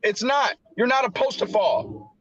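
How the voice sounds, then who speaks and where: A man's voice sits high and carries real feeling as he talks through scripture in an easy, slangy way. The audio is dull and lo-fi, like a stream with the top end cut off. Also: sing-song, measured pace, a bit bright. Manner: impassioned, emotional, slangy. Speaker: Bible study participant. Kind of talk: casual scripture discussion on a livestream.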